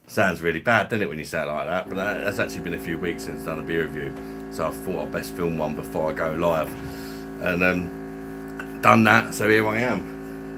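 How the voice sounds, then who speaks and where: A man from London with a Cockney-ish accent, hosting a casual live stream and chatting matily with viewers. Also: deep voice. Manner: matey, chatty, drops in slang and laughs.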